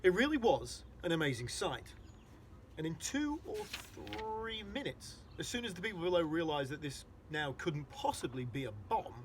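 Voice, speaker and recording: A man's voice: on the high side, sing-song, moderate pace, a little hiss or hum. A man reading a children's storybook aloud, explaining hard words for young listeners.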